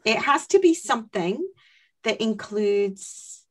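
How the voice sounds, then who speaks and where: A woman's voice: a little high, animated, takes it slowly, a bit bright. A Scottish woman co-hosting a podcast, chatting in a dry, teasing, matter-of-fact way. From Scotland. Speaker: podcast co-host. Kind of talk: casual chat.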